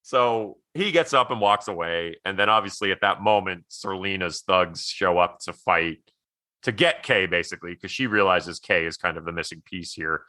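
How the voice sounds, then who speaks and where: A man's voice: deep voice, normal speed, sharp tone, no echo. A man co-hosting a podcast, recapping a movie in casual chat, rambling with lots of "like" and laughing easily. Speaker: podcast co-host.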